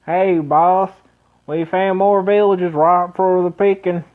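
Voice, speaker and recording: A man's voice: sits high, fairly even intonation, slow pace, pitched above the performer's own voice. A man voicing a greedy bandit lackey in a game, with an exaggerated country drawl. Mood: gleeful. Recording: dull lo-fi recording.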